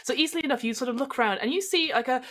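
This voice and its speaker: A woman's voice: sits high, very fast, a bit bright. Chatty woman running a tabletop game. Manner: chatty and rambling, full of fillers. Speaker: game master.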